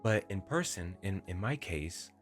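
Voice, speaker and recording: A young man talking to his viewers in a gentle, inviting, emotive way, with deliberate pauses. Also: sits low, lively intonation. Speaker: voice-focused video creator. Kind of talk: reflective talk to camera. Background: faint background music.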